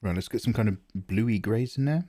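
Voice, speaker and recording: A man's voice: on the low side, fairly quick, warm tone. A man chatting casually with viewers while drawing on a livestream from his home setup. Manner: chatty, chats with viewers in the chat. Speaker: art streamer.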